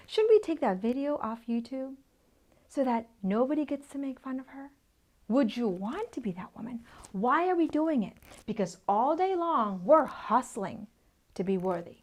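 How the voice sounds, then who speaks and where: A woman's voice: a little high, lively intonation, moderate pace. Emphatic woman teaching, dips into whispers. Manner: emphatic, often drops to a near-whisper for emphasis; repeats "okay?" to check in with listeners. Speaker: women's workshop presenter. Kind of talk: teaching talk at a whiteboard.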